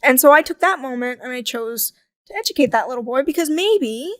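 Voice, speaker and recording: A young adult woman chatting as a podcast guest, telling lively stories, acting out quoted voices and laughing often. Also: high-pitched, fairly quick, dry recording, studio quality. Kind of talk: casual conversational interview.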